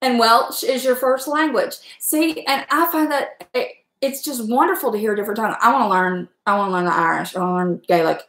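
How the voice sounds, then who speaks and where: A woman's voice: a little high, a bit bright. Chatty Southern woman in an echoey room. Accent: Southern US (Southwestern Virginia). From Southwestern Virginia. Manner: chatty, rambling, quick to laugh. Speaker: livestream host chatting with viewers. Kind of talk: casual chat.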